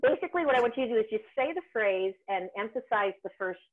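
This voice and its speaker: A woman's voice: fairly high pitch, animated, fast. A woman vocal coach running an online singing workshop, encouraging and chatty, with frequent ums and restarts. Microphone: video call. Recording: tinny phone-like call audio.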